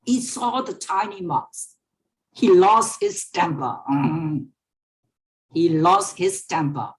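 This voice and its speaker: Brief: female teacher, online class, patient storytelling, repeats every line, very slow pace. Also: lowish voice, expressive. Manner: slow, repeats each sentence and explains words. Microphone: online class microphone.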